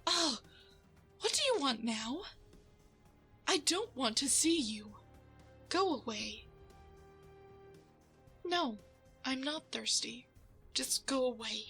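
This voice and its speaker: A woman's voice: high-pitched, animated, slow pace, pauses often, bright, forceful tone, faint music behind, full character voice. A woman playing a frightened young woman held captive in an audio drama, talking in whispery, breathless bursts and stammering when scared. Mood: pleading, placating. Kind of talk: audio drama role-play.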